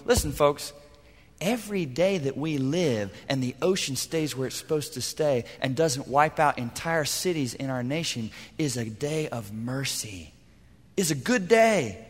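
A man preaching a sermon as pastor, swinging between loud emphatic lines and hushed, quiet asides. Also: medium pitch, lively intonation, normal speed, big-room sound.

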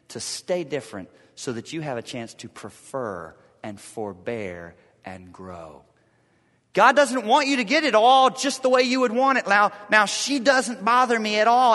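Middle-aged male preacher, animated storyteller, bright lively delivery in a reverberant hall. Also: on the high side. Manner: animated storytelling, acting out both sides of a quarrel. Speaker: pastor. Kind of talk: sermon.

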